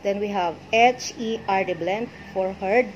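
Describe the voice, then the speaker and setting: A middle-aged woman with a Filipino accent, teaching a shorthand lesson and deliberately spelling out letters one by one. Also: medium pitch, muffled recording, a little hiss or hum. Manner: slow, deliberate spelling out of letters with code-switching. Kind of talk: instructional lesson.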